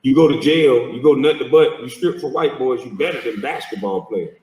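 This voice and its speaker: A man's voice: medium pitch, a little fast, darkish tone, distant mic. A man hosting a heated reaction commentary, mocking and confrontational and swearing a lot. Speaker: host reacting to a video clip. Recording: echoey room, speaker off mic.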